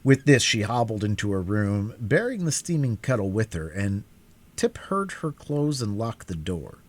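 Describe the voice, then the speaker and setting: A man's voice: fairly low pitch, big pitch swings, moderate pace. A man reading a classic children's book aloud in a live stream, narrating expressively. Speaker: reader.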